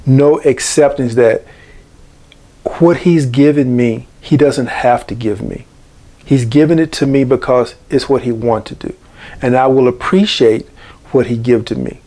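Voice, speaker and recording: A man's voice: mid-range voice, dark tone. A middle-aged man hosting a channel, giving a preachy monologue that keeps coming back to the same phrases. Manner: preachy, repeats key phrases. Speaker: channel host. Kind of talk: monologue to camera.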